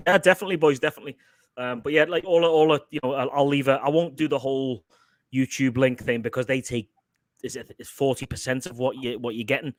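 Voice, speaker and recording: Halting, rambling co-host, dry close sound. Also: male voice, medium pitch, steady tone, no room sound. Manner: rambling, halting, with many restarts. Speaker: live stream co-host. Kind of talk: casual banter on a live stream.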